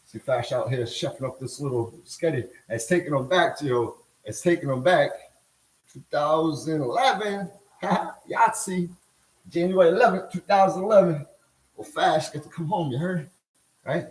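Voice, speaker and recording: Middle-aged guy rambling on a cooking livestream, kinda high voice, roomy echo. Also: normal speed. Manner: rambling, slangy, laughs often. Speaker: livestream host. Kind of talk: casual livestream talk while cooking.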